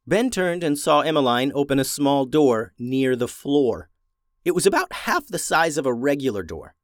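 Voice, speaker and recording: A man reading a children's adventure story aloud, expressive and slowing down for suspense. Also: mid-range voice, no echo, studio quality.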